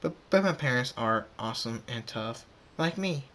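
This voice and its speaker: A man voicing a proud young tomboy pony filly in a fan storybook reading, with a boastful, quick delivery. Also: mid-range voice, expressive, a bit bright, a little hiss or hum, natural voice. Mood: cocky.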